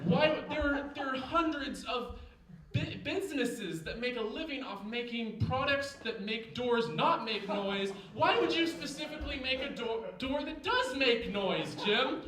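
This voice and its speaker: A man's voice: extremely high pitch, expressive, a little slow, pushed and bright, far from the mic, pitched above the performer's own voice, heavily acted. A man doing an exasperated starship captain. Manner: exasperated, lecturing. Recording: echoey stage mic.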